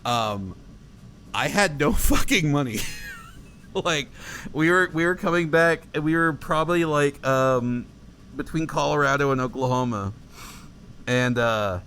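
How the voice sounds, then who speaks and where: A man's voice: a little high, measured pace, pauses often, slight background noise. Profane young man telling a road story. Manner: profane, animated, acts out his own shouts. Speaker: podcast co-host telling a story. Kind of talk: casual storytelling chat.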